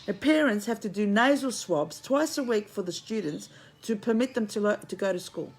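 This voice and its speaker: Speaking into a phone from home, an online spiritual commentator of Greek heritage who lives in Australia livestreams a blunt, preachy monologue. Her medium-pitched voice is husky and expressive at a moderate pace. She swears freely and calls her viewers friends.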